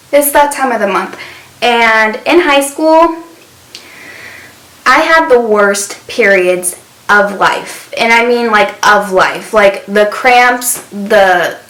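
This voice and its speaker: A woman's voice: mid-range voice, fairly bright tone. A young woman vlogger telling a story casually, chatty and full of fillers. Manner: chatty, many fillers, acts out quotes. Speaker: beauty vlogger. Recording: roomy echo.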